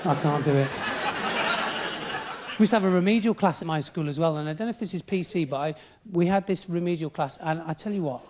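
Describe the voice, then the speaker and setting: A man with a British accent doing live stand-up comedy in a chatty, cheeky way, with quick mumbled asides. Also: on the high side, slight background noise. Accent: British English. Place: large theatre stage. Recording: live theatre recording, loud audience laughter. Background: audience laughing.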